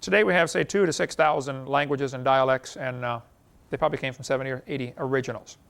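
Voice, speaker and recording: Gravelly-voiced man lecturing. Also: mid-range voice, quick pace, fairly bright tone. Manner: folksy, chuckles at his own stories. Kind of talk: classroom lecture with anecdotes.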